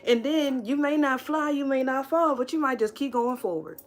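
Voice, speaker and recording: A woman's voice: high-pitched, lively intonation, moderate pace, faint music behind. A woman giving a casual, reassuring tarot reading on a livestream, chatty, with many "right?" tag questions. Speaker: tarot reader.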